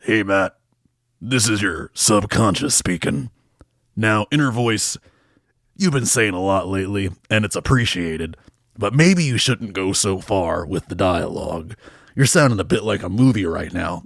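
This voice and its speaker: Dude doing a low gravelly subconscious voice, grumpy and lecturing, dry sound. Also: male voice, lively intonation, no room sound. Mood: laid-back. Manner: laid-back, then quick to anger. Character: gravelly, irritable male subconscious.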